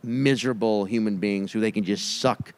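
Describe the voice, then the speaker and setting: A man in his thirties co-hosting a comedy podcast, telling stories in an animated way and swearing freely. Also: lowish voice, moderate pace. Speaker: podcast co-host. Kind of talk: casual comedic chat.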